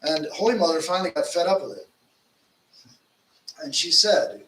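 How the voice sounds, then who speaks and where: A man's voice: a little high, normal speed, long pauses, a bit bright. A man in his fifties, a monk giving a conversational sermon, telling stories in an informal way with fillers. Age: 50s. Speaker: monk giving a spiritual talk. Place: temple lecture hall. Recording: roomy hall, distant mic, faint noise.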